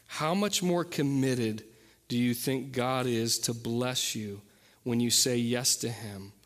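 A man preaching a sermon as pastor, earnest, often dropping to a soft, intense voice on key points. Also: medium pitch, steady tone, slow, in a large hall.

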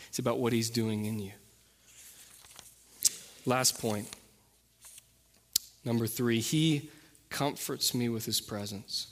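A man preaching a sermon as pastor, earnest, often dropping to a soft, intense voice on key points. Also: medium pitch, in a large hall.

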